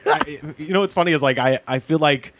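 A man's voice: on the high side, a little fast, a bit bright, a little hiss or hum. A man hosting a comedy podcast, chatting casually and agreeing constantly. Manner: agreeable, lots of "yeah, yeah". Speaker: podcast host. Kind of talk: casual chat.

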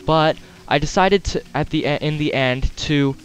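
A man's voice: on the high side, moderate pace. A man with a Wisconsin accent giving casual, playful gameplay commentary as a let's play host, chatting to game characters and correcting himself as he goes. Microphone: desktop headset mic. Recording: faint game music behind.

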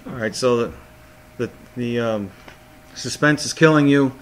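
A man's voice: medium pitch, a little slow, slight background noise. A man narrating as game master of a tabletop game, often repeating words as he goes.

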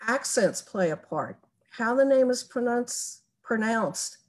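A woman giving a recorded tutorial on building a family tree, explaining each step slowly and methodically. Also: a little high, animated. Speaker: genealogy presenter. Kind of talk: recorded screen-share tutorial.

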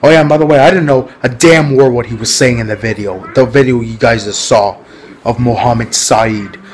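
A man's voice: mid-range voice, normal speed, rough recording. A man talking casually to his viewers in a rambling, repetitive vlog, often laughing. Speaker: vlogger.

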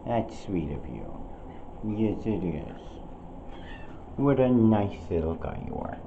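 A woman's voice: extremely low pitch, big pitch swings, slow pace, background noise. A woman caretaker at an animal rescue, talking to the animals in coaxing, sing-song baby talk and repeating her questions. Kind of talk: cooing baby talk to pets. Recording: muffled lo-fi camera audio.

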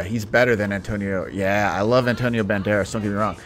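Deep-voiced playful gaming host. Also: male voice, fairly even intonation, fast talker. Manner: playful and self-deprecating. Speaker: let's-play host. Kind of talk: casual gameplay commentary.

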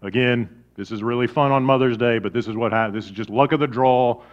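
Lively preaching man, muffled sound. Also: a little fast. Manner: lively preaching with big swings in volume; drops to quiet, low emphasis. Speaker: pastor. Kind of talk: sermon.

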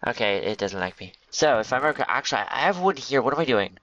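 A man hosting a gaming video rambles jokily to himself and to the game's creatures as he builds, keeping his commentary casual. He talks fast in a mid-range, slightly bright voice with big pitch swings. It sounds like a dull, lo-fi home recording.

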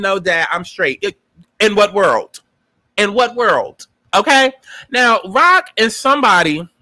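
A man's voice: high-pitched, pushed and bright, no echo. A man, giving a sassy, profane, dramatic casual commentary as a TV show reviewer. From New York.

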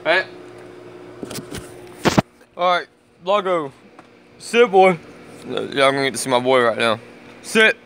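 A man's voice: medium pitch, animated, measured pace, creaky, long pauses, background noise. A man vlogging casually on his lunch break, talking in laid-back slang and fondly to his dog. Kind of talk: casual vlog chat. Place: work site on a lunch break.

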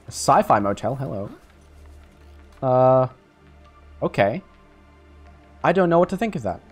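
A man's voice: medium pitch, sing-song, a little slow, soft background music. A young man giving casual, jokey gameplay commentary, rambling and swearing as he plays. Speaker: gaming YouTuber.

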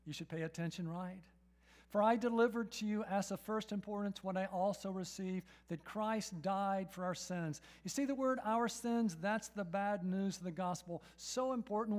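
Man, pastor, high voice, church sermon, rhetorical questions, keeps saying right. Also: a little mellow. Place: church sanctuary.

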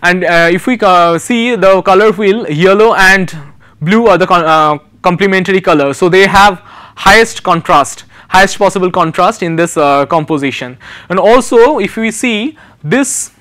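Halting, clear-voiced lecturer. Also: male voice, sits high, a bit bright. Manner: halting, frequent restarts and pauses while explaining slides. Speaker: design lecturer. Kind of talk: recorded university lecture.

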